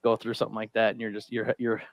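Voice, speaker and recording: A man's voice: on the low side, fast, dry recording. A man co-hosting a wrestling podcast, chatting casually and acting out the people in his stories. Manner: animated storyteller, acts out quotes. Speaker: podcast co-host. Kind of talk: casual chat watching wrestling.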